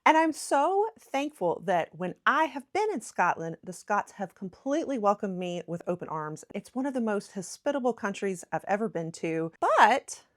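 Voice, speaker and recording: An American woman chats to camera in a bubbly, self-mocking way. Her pitch swings up and down a lot, and she keeps the talk casual like a travel vlog. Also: sing-song, moderate pace, hardly any pauses. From United States. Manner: bubbly, chatty, laughs at herself. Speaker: travel vlogger.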